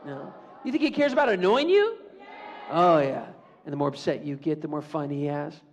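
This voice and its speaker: High, animated man addressing students. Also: moderate pace. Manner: playful, animated, calls for audience responses. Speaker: motivational speaker. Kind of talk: school assembly talk. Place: room full of students.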